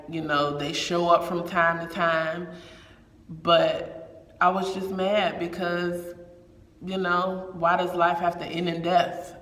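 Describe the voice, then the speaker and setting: A man's voice: on the high side, fairly bright tone, far from the mic. A man giving a candid, heartfelt faith reflection in casual talk, repeating phrases for emphasis. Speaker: speaker sharing a faith reflection. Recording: echoey room with long reverb.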